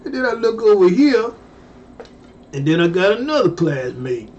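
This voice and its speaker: A man telling true stories in a casual, profane monologue, jumping to loud, high exclamations. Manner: exclaims loudly, jumping high in pitch and swearing. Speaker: storyteller vlogger. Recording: dull lo-fi recording.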